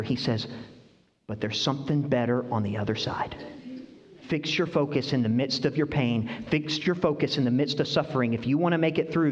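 Animated male pastor preaching in a hall. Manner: animated storytelling, acts out voices with high-pitched cries. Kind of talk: sermon. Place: church hall. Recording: dull sound, long hall reverb.

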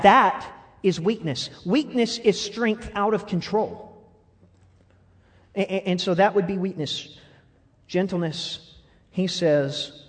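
Young man, sermon, animated, laughs often, fairly high voice, loud then soft. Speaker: pastor.

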